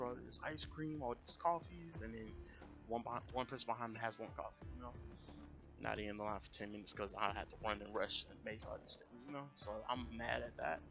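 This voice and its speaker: A man telling a story in a casual, animated rant on a live stream, often jumping into raised voices to quote people. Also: lowish voice, creaky. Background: music.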